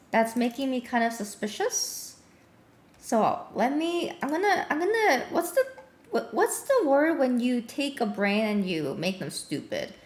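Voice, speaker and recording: Woman streamer fumbling for words, slow drawn-out talk, echoey room. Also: a little high. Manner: stumbling, searching for words, excitable. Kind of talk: casual live-stream chat.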